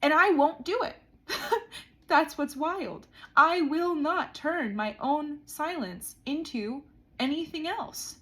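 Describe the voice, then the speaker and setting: Sitting on the floor indoors, a woman vlogger talks through her thoughts in a reflective, diary-style monologue, earnest and saying "like" a lot. Her voice is high, expressive and a bit bright, and she speaks slowly.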